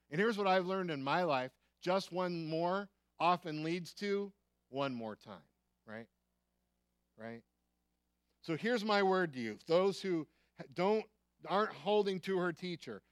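A man's voice: sits high, lively intonation, unhurried, a bit bright, clean tone, dry recording. An American man preaching a sermon as pastor, emphatic, repeating key phrases and asking the listeners rhetorical questions.

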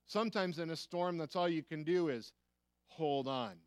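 A man's voice: on the high side, normal speed, clean tone, dry recording. An American man preaching a sermon as pastor, emphatic, repeating key phrases and asking the listeners rhetorical questions.

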